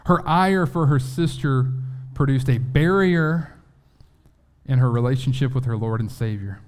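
A man's voice: medium pitch, a little slow, darkish tone. A man preaching a sermon in a conversational way, acting out quotes and often restarting his sentences.

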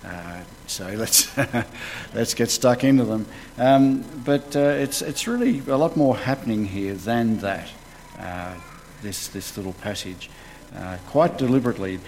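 A man preaching a conversational sermon, retelling scripture as a lively story in colloquial words. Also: lowish voice, unhurried. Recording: long hall reverb, faint background noise.

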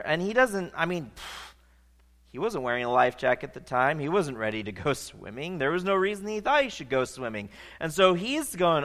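A man preaching in a large hall, spinning a story with a bright, forceful voice that swoops up and down. His pitch sits a little high, and a long reverb trails each phrase. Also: moderate pace. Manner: animated, conversational storyteller. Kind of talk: storytelling sermon.

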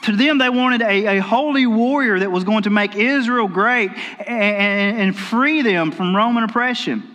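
A man's voice: high-pitched, moderate pace, pushed and bright, long reverb tail. A male pastor preaching a sermon, telling stories in a folksy way and often restarting his sentences. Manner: folksy storytelling with repeated restarts. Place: church sanctuary.

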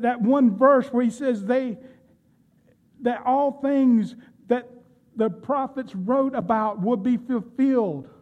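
A man preaching with a high, light voice, retelling scripture as a story and turning to question his listeners. The recording is dull and lo-fi. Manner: storytelling preacher, addresses congregation directly. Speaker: pastor. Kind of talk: sermon.

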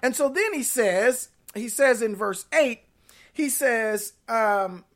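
A woman's voice: fairly high pitch, lively intonation, takes it slowly. A woman pastor preaching an online sermon in an emphatic, folksy way, repeating her key points.

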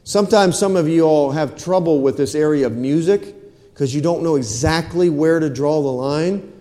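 A male pastor delivers a sermon in a fairly high voice. He keeps asking the congregation questions and repeats phrases for emphasis. The sound carries a long church reverb. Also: moderate pace, dark tone.

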